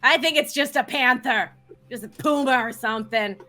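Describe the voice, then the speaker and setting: A woman's voice: high-pitched, moderate pace, sharp tone. A woman voicing the gossipy ghost of an old small-town woman, with a Southern US accent and rambling, folksy chatter. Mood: dismissive. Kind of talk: tabletop role-play.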